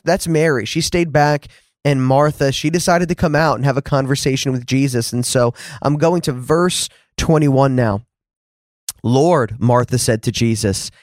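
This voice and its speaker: A man's voice: on the high side, no room sound. A man hosting a Christian podcast, teaching on scripture in an earnest, conversational way, often checking in with "okay". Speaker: podcast host and Bible teacher.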